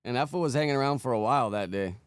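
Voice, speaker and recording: A man with a smooth, clear voice at a medium pitch, hosting a podcast and commenting in an easygoing, rambling way. The sound is dry and close. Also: rapid-fire, dry recording. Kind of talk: casual podcast chat.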